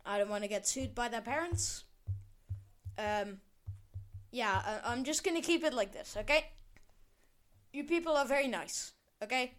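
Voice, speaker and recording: A teenage girl hosts her own casual solo podcast, ranting in a rambling, sarcastic way, swearing and backtracking as she goes. Her voice is a little high and animated, at normal speed, and she pauses often.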